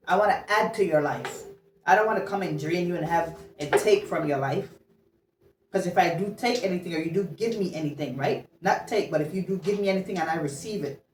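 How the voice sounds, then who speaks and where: Blunt, slangy woman tarot reader. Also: lowish voice. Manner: chatty, blunt and slangy, swears and laughs. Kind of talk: casual channeled love reading. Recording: roomy sound, distant mic, faint noise.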